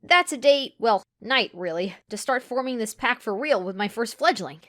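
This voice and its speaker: A woman's voice: a little high, animated, moderate pace, a bit bright, no room sound, studio quality. A woman reading a fan audiobook and voicing a cocky young female pegasus pony who leads a vampire pack, brash and teasing. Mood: pleased. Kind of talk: audiobook character voice.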